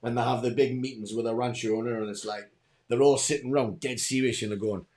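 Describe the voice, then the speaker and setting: A man's voice: mid-range voice, steady tone, quick pace, a little mellow, roomy sound. A man with a Geordie accent co-hosting a comedy show, rambling and restarting as he tells stories and trades banter. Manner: rambling, repetitive storytelling with stop-start restarts. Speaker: co-host. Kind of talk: comic banter.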